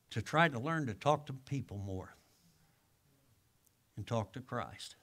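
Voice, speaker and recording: An older man, a guest pastor, preaching a sermon in a folksy storytelling way, with casual grammar, swinging from loud exclamations to hushed asides. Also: on the high side. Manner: colloquial grammar.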